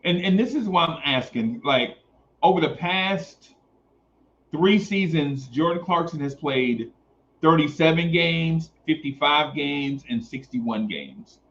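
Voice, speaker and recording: Male sports stream host, casual and animated, repeats lines for emphasis, muffled lo-fi sound. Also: a little high, slow. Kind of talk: casual sports talk stream, reading chat. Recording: dull lo-fi stream audio.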